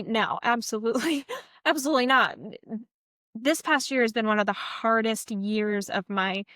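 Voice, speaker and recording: On a vet tech podcast she co-hosts, a woman talks candidly, sharing earnest stories with a reflective, encouraging manner. Her voice is on the high side, pushed and bright, at a moderate pace. The recording is dry and close.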